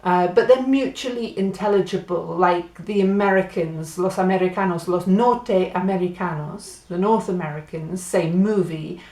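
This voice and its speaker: A woman's voice: lowish voice, normal speed, hardly any pauses, warm tone, reverberant. A woman from Great Britain giving a patient spoken language lesson, spelling out and repeating words. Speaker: Spanish teacher.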